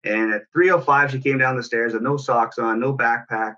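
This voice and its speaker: Male parenting coach, earnest and reflective, bright forceful voice, lo-fi recording. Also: mid-range voice, normal speed, few pauses. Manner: earnest, reflective storytelling with restarts. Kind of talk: personal story in casual talk.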